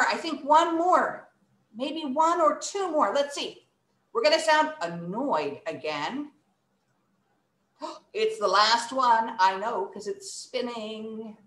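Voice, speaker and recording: Animated woman teacher, echoey room. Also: a little high. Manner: expressive, animated, demonstrates emotions and stress. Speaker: workshop teacher. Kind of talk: online English lesson for children.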